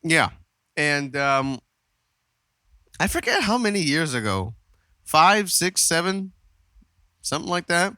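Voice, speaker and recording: Bright, easygoing podcast co-host man. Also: fairly high pitch, very animated, takes it slowly, pauses often, smooth, no room sound, studio quality. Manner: easygoing, teasing banter. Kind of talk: casual chat. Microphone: studio podcast mic.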